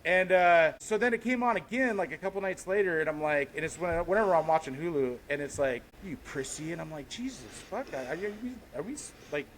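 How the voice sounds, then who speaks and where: A man's voice: high-pitched, lively intonation, fairly quick, hardly any pauses, slight background noise. A man in his forties, a podcast co-host, rambling through casual, profane stories. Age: 40s. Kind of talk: casual chat.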